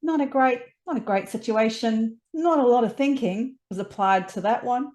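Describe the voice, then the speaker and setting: A woman's voice: on the high side, moderate pace, darkish tone. Chatty self-deprecating middle-aged woman. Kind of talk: anecdotal storytelling in conversation.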